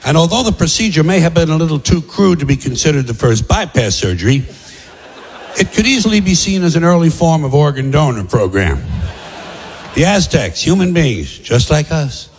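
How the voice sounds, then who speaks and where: A man's voice: fairly high pitch, big pitch swings, moderate pace, a little hiss or hum. A man doing a stand-up comedy set, with a sardonic, punchy, rhythmic delivery. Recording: live theater with long reverb.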